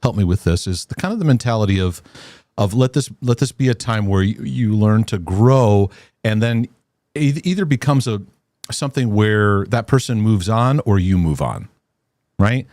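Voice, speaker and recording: Laid-back low-voiced man, halting speech. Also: expressive, a little mellow, dry recording. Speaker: host. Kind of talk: casual live-stream chat.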